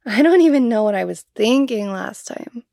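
A fiery young woman coder, proud and quick to swear, speaking slowly with a gravelly, mellow edge on a higher voice, as a woman acts her out. She sounds dry and close, with no room around her. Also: steady tone, no room sound, heavily acted. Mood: angry, indignant. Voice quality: swears constantly, sharp-tongued. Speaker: computer science student. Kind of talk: adult audio role-play.

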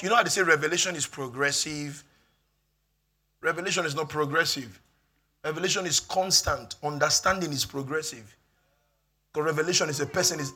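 A man with a Nigerian accent preaching a sermon as pastor, emphatic and repetitive, building up to shouts. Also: high-pitched, slightly rough.

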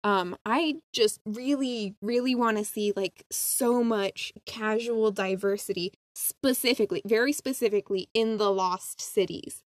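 A young woman in casual fan chat, excitable, laughing often and tossing in quick asides. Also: medium pitch, no echo, studio quality.

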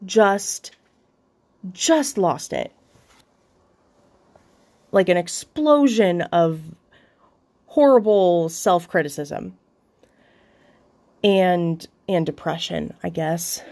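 A woman's voice: on the low side, a little mellow. A young adult woman hosting a podcast, telling a personal story in a candid, confessional way, with restarts and occasional swearing. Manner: halting, with frequent restarts. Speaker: podcast host.

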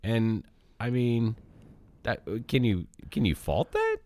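A man's voice: medium pitch, wildly swooping pitch, slow, a little mellow. A man co-hosting a podcast in casual, playful, joking chat. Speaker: podcast co-host.

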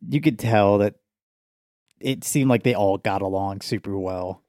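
A man co-hosting a podcast, talking in a relaxed way full of fillers and reading prepared notes on a film. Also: on the low side, a little slow, no room sound, clean studio sound. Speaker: podcast co-host. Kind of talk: casual chat and read synopsis.

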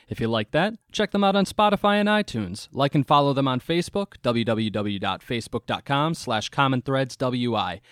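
A man's voice: mid-range voice, dry recording, clean studio sound. A man, a regular of a tabletop game podcast, chatting casually and reading the show's sign-off. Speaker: podcast host and player. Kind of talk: casual chat and podcast outro.

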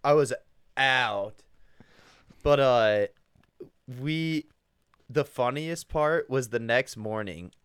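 A man's voice: medium pitch, expressive, extremely slow, long pauses, fairly bright tone, smooth, no echo. A young man, podcast co-host, chatting casually and chiming in with dry jokes while telling a story.

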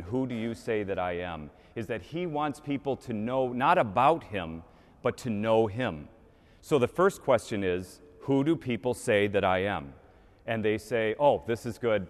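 A man preaching a sermon in a cathedral, telling a story and acting out the voices of the people in it. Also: fairly low pitch. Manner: storytelling, acts out quoted voices. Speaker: priest. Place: large cathedral. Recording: long cathedral reverb.

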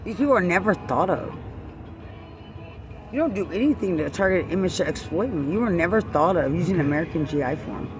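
A man with a high voice delivering a furious, repetitive rant, hurling accusations and curses. He talks outdoors in a built-up area, with clear music playing behind him. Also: animated, brisk. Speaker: person ranting at someone. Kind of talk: angry confrontational rant.

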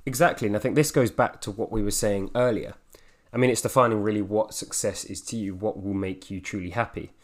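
A man interviewing a guest on a podcast, speaking in a measured way with frequent fillers. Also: fairly low pitch. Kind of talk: podcast conversation.

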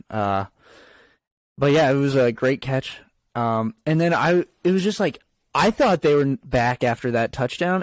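A male podcast co-host talks football casually, wandering through his thoughts with lots of fillers and false starts. His pitch is medium and the audio has no echo.

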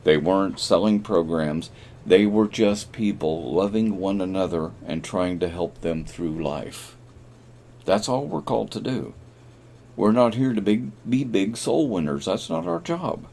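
A man hosting a devotional podcast, reading Bible verses slowly and repeating key phrases. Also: low-pitched, expressive, vocal fry, darkish tone. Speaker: podcast host.

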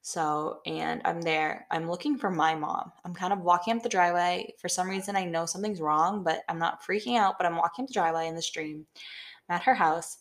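Young woman podcast cohost, low voice with gravelly fry, rambles on with like like like. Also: fairly quick. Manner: rambling storytelling, heavy use of "like". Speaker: podcast co-host. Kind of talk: casual chat.

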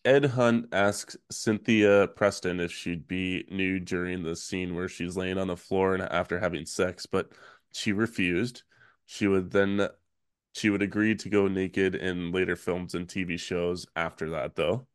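A man hosting a podcast, talking in a laid-back, rambling way with fillers and soft laughs. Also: low voice, little pitch movement, unhurried, clean tone, no echo, clean studio sound. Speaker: podcast host. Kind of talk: casual chat.

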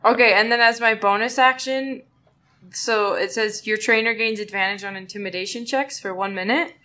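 A woman with a bright, crisp voice plays a tabletop game. She reads out rules in a quick, matter-of-fact way. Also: a little high. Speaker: player.

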